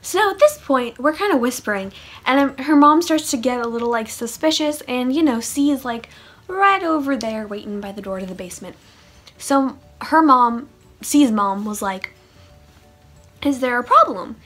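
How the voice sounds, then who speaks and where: A woman's voice: high voice, lively intonation, normal speed, fairly bright tone, faint music behind. A woman chatting through a funny storytime vlog, with sarcastic asides. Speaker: vlogger. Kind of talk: casual storytime monologue.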